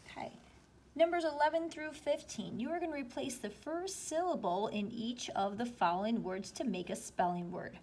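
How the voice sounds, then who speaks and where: A woman teacher slowly and patiently walking students through a spelling worksheet, step by step. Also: on the high side, darkish tone, slight background noise. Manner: slow, patient, explaining step by step. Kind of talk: spelling lesson walkthrough.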